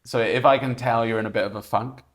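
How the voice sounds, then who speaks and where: A man's voice: medium pitch, fairly even intonation, fast. A magician in casual chat who teases his friends and acts out lines of dialogue as he explains a trick.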